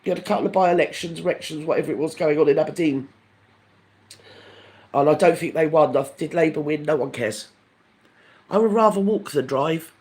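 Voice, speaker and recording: An older livestream host gossips with his viewers in a camp style, addressing everyone as darling. He sounds a little high and brisk, yet leaves long pauses, his lively delivery rising and falling.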